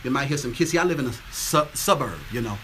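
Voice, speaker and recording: Bright-voiced man livestreaming from home. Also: medium pitch, expressive, fast, a little hiss or hum. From Atlanta, Georgia. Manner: greets viewers by name, repeats catchphrases. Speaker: livestream host. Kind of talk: casual livestream chat. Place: home with windows open. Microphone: phone.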